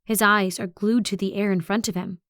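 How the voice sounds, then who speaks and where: A woman's voice: medium pitch, steady tone, brisk, fairly bright tone, dry recording, studio quality. Woman narrating a tense horror audiobook. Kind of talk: first-person horror narration.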